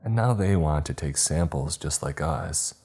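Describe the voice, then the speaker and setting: A man voicing a calm, cold female government agent who apologizes before killing. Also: extremely low pitch, unhurried, husky, full character voice.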